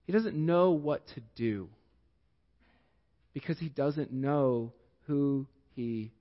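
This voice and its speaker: In a church sanctuary, a male pastor preaches a sermon, telling a story slowly and deliberately with long pauses. His pitch is medium. The hall is echoey, and the audio sounds dull and lo-fi.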